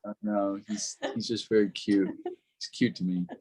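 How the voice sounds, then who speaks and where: Guy on a podcast, chill storyteller, kinda low voice, cusses a lot. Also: moderate pace, breathy edge. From Los Angeles, United States. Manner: relaxed storyteller, swears freely. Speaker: podcast co-host. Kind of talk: casual conversation.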